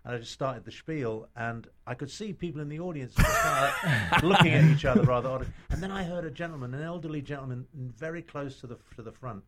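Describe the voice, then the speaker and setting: A man's voice: mid-range voice, a little fast, hardly any pauses, crowd noise. A middle-aged British man, an actor guest, telling stories in casual chat with many restarts and fillers. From Britain.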